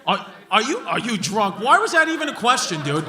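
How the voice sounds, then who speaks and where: A man working a comedy club crowd, brash and profane as he roasts hecklers. His voice sits very high for a man. A lively club audience carries under him throughout. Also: brisk. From Brooklyn, New York. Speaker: stand-up comedian. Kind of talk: stand-up crowd work. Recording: live club audience noise. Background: laughing club audience.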